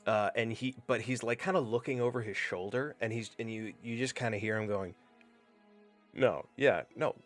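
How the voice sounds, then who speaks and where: Male game master, low voice, loose and rambling narration. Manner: loose, rambling, with many fillers and restarts.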